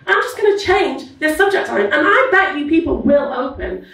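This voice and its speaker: A woman's voice: high-pitched, animated, normal speed, fairly bright tone. A woman performing a stand-up comedy set on a live stage, telling an exasperated, sarcastic story about work. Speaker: university staff doing stand-up. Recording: echoey room, distant mic, audience noise. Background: audience laughter.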